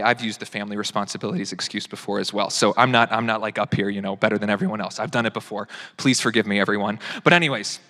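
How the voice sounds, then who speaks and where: A young adult man preaching a sermon as pastor, animated and self-mocking, acting out people's excuses in different voices. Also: on the low side. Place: church sanctuary. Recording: long hall reverb.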